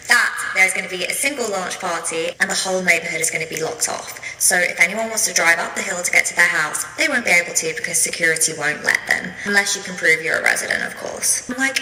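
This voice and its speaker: A woman's voice: lowish voice, sharp tone, roomy sound, in a large hall, rough recording. Woman telling a storytime tale. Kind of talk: casual storytime.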